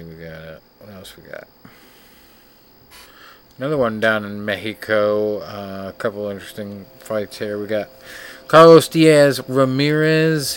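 A man hosting a casual show, reading off records in a laid-back, joking way with frequent filler pauses. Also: medium pitch, slight background noise. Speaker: podcast host. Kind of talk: casual chat.

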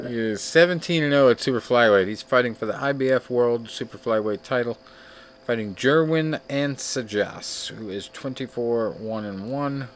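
A man hosting a casual show, reading off records in a laid-back, joking way with frequent filler pauses. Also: mid-range voice, a little hiss or hum. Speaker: podcast host. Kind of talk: casual chat.

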